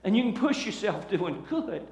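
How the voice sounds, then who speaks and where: A man's voice: high-pitched, big pitch swings, moderate pace, a little mellow. A man preaching a fervent sermon, asking the congregation questions. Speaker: pastor. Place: large church hall. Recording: echoey church hall recording.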